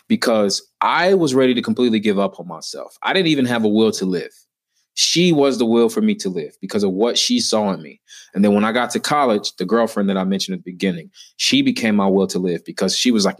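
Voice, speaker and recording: A man's voice: lowish voice, animated, normal speed. Earnest, emphatic man telling his story. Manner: earnest, emphatic, rising with feeling. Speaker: podcast guest. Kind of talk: heartfelt personal storytelling.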